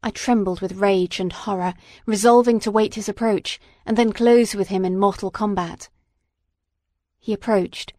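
A woman reading a classic novel aloud as an audiobook narrator, in a measured, dramatic way. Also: mid-range voice, fairly even intonation, mellow, dry recording, studio quality. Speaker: audiobook reader. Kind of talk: scripted narration.

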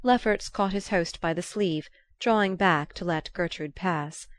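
A woman narrating a classic novel aloud in a measured, even storytelling manner. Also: fairly low pitch, no room sound. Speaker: audiobook reader. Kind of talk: scripted narration.

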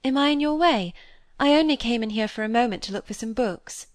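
A timid young woman in a storybook reading, pitched well above the reader's own voice and close to tears. She speaks softly and pleads with the people around her, voiced by a woman narrator. The recording is dry and close. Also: a little fast, dry recording, natural voice. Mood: polite. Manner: pleading, soft-spoken.

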